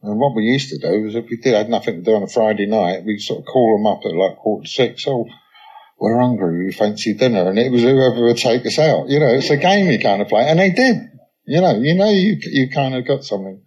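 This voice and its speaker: Fast-talking and slightly rough in the mid range, a musician tells casual anecdotes as a guest in an on-stage conversation, captured in dull audio. "You know" crops up constantly, and he quotes others in lively bursts.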